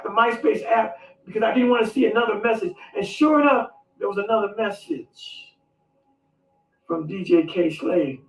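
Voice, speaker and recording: A man vlogging, telling a comic personal story with dramatic swings between loud outbursts and hushed asides. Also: very high-pitched. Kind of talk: animated storytelling monologue. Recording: echoey room, distant mic, faint music.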